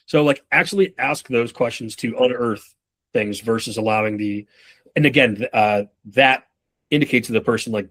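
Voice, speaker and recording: Casting: male sales coach in his thirties, mid-range pitch, loose and profane, slips into quick impressions. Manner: loose and profane, acts out customers and reps in quick bits. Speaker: sales trainer. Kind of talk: casual spoken sales training talk.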